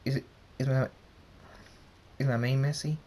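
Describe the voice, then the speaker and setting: A man's voice: medium pitch, steady tone, normal speed, mellow, a little hiss or hum, lightly acted. A man voicing a brash young tomboy pony mare who is a mother.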